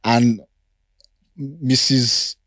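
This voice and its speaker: A man's voice: medium pitch, fairly even intonation, extremely slow, fairly bright tone, no echo. A man with a Nigerian accent hosting a podcast, speaking casually and wrapping up the show in a laid-back way. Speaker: podcast host.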